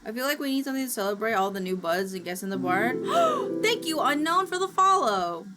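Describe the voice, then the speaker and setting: A woman streaming, chatting casually while she works and gasping and squealing with excitement as she greets viewers. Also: fairly high pitch, fast. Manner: excitable, gasps and squeals at new followers; chatty and self-mocking, talking while working. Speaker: VTuber streamer. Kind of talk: casual livestream chat. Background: faint background music.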